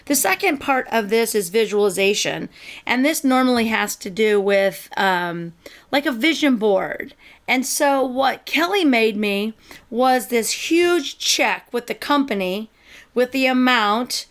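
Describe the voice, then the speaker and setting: A woman's voice: a little high, animated. A middle-aged woman talking casually as a co-host and reading her own affirmations aloud. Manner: chatty, restarts, reads affirmations briskly. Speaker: speaker and podcast co-host.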